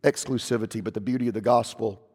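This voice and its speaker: A man preaching a sermon from the pulpit, emphatic, rising to loud proclamation when he quotes scripture. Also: lowish voice, fairly even intonation, fast, vocal fry, slightly rough. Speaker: pastor. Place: church sanctuary. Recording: long church reverb.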